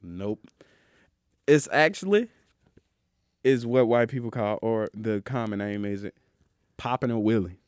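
A man's voice: on the low side, measured pace, long pauses, darkish tone, clean tone, no echo, clean studio sound. A young man from Mississippi with a Mississippi accent, chatting casually and playfully as co-host. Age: young adult. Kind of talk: casual chat.

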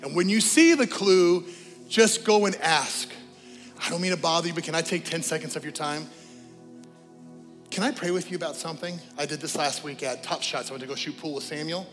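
A man preaching a sermon as pastor, telling lively stories and then leading a quiet prayer and altar call in a church. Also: on the high side, a little fast, long reverb tail, faint music behind. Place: church sanctuary.

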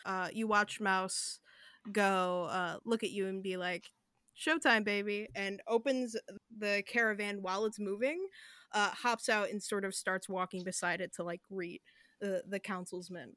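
A woman's voice: medium pitch, steady tone, measured pace, a bit bright, no echo, studio quality. Rambling woman game master. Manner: loose, filler-heavy narration with many restarts. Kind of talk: narrating a tabletop game.

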